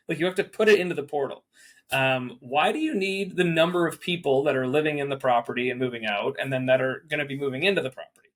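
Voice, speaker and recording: A man with a slightly raised pitch talks as a property manager in a casual interview. He is animated, fills his speech with "like" and rushes through his points in quick bursts. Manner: animated, heavy use of "like", rapid bursts.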